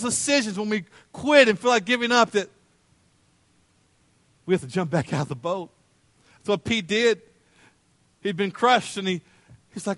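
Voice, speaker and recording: Male pastor, dramatic sermon delivery, acts out voices, slightly higher pitch. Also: lively intonation, normal speed, long pauses, no echo. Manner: swings from loud calls to hushed tenderness.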